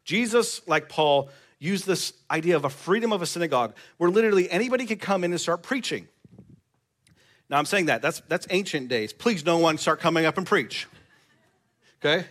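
A man's voice: a little high, animated, brisk, a bit bright. A male pastor preaching a sermon in a church, conversational and joking with the congregation.

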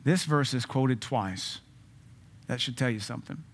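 A man's voice: mid-range voice, measured pace. A man preaching a sermon, cracking jokes and dropping frequent amens between punchy points. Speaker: pastor.

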